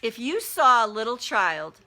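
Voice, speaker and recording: A woman's voice: on the high side, unhurried. A middle-aged woman, a life coach, talking casually on a live stream and acting out the voices in her head. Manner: animated, acts out inner voices.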